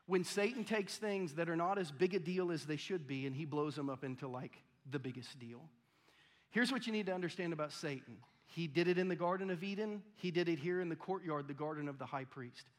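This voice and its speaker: A man preaching a sermon in a conversational style, often acting out the voices of the people in his story. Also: a little high. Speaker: pastor. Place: church auditorium. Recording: long church hall reverb.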